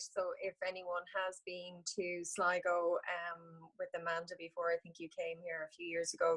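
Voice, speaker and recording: A woman with an Irish accent, speaking hesitantly with many pauses and fillers from a tablet on a video call. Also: lowish voice, low-quality recording. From Ireland. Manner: hesitant, many ums and uhs. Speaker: class participant. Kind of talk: casual group video call.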